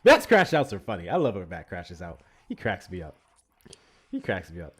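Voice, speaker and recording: Lively low-voiced male livestream host. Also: brisk, husky. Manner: laid-back, swears, laughs often. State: recovering from illness. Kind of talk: casual live-stream chat.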